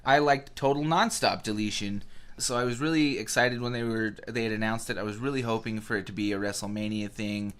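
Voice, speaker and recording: A man co-hosting a podcast in casual chat, excitable and swearing freely, with mock rants. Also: on the low side, brisk, clear, resonant tone. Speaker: podcast co-host.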